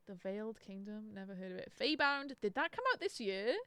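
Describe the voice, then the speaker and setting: A woman's voice: medium pitch, expressive, a little fast, sharp tone, smooth, no echo. A young woman chatting casually on a live stream, sarcastic and swearing freely. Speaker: book streamer.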